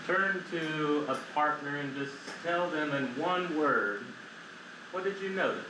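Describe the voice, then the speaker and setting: Calm man guiding a breathing exercise. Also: on the high side, unhurried. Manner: calm, gently guiding, lightly joking. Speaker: chaplain and guest speaker. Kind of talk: guided breathing exercise and talk. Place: church hall, without a mic. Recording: echoey hall with noise.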